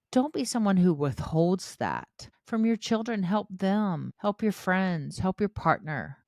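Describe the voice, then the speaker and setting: A middle-aged woman giving encouraging parenting advice in a casual podcast, acting out quoted voices with animated shifts. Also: medium pitch, no room sound. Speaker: podcast host, parenting educator.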